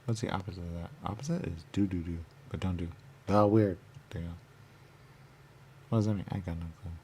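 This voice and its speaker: A low, gravelly man wanders through a rambling back-and-forth with himself. He repeats words over and over and sometimes drops into a whisper. A faint hiss sits under the recording. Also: a little fast, warm tone. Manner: circular, repetitive musing with sudden whispers. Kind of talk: rambling self-dialogue, asking and answering himself.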